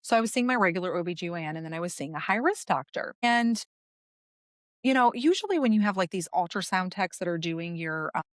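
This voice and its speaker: Animated woman telling a personal story. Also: on the low side, brisk, no room sound, studio quality. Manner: animated storyteller, acting out the dialogue. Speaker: podcast guest. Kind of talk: personal story told in conversation.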